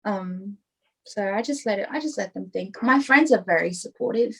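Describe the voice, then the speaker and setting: A woman's voice: mid-range voice, normal speed, vocal fry, husky, rough recording. A young adult woman talking openly as a podcast guest, rambling and filling her talk with "like" and "you know". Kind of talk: casual interview chat.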